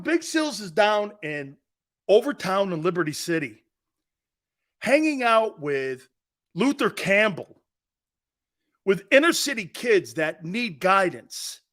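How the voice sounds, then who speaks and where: A middle-aged male sports talk host in a casual storytelling monologue. His voice sits a little high for a man, and he jumps into the voices of the people he quotes. He laughs often as he talks. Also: fairly bright tone.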